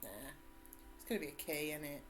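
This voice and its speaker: An English woman whose accent blends Suffolk, Cockney and a Brummie twang. She chats in a bubbly way with her viewers while streaming a game. She greets people warmly by name and laughs often. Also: sits low, fairly even intonation, fairly quick, faint music behind. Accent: English, mixed Suffolk, Cockney and Brummie. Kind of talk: casual live-stream chat.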